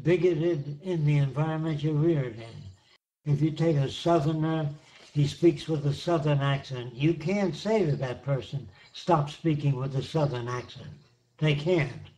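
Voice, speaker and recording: An older man answering questions in an online seminar, explaining his ideas slowly and emphatically, with plenty of examples. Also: fairly high pitch, mellow, lo-fi sound. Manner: slow, emphatic, repeats points with examples.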